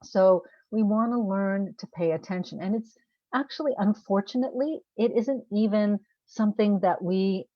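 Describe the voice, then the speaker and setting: A woman's voice: mid-range voice, normal speed, no room sound. A woman coach talking casually to the camera, posing rhetorical questions and laughing at herself. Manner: conversational, asks rhetorical questions. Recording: dull, dry sound.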